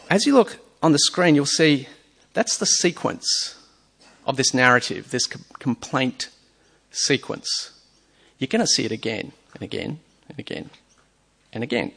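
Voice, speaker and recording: Reading passages of scripture between his explanations, a man asks his congregation earnest rhetorical questions during a sermon in a church or hall with a screen. His mid-range voice is creaky and fairly bright, with a sing-song lilt, moderate pace and frequent pauses.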